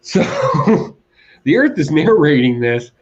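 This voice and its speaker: Through a muffled recording, a man with a voice on the high side speaks slowly as he co-hosts a laid-back comics podcast. His chat is an animated rant punctuated by frequent laughter.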